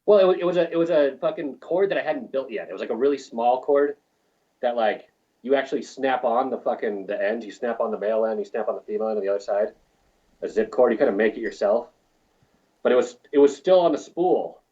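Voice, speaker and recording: A man's voice: medium pitch, quick pace, warm tone, lo-fi sound. Profane, rambling male film crew storyteller. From New Mexico. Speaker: film crew lighting technician, guest. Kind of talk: casual storytelling interview.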